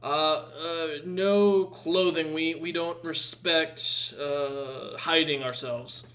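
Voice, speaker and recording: Brief: man doing a bright, hearty old orc warrior, gropes for his words. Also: a little high, fairly even intonation. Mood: jovial. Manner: halting, searching for words.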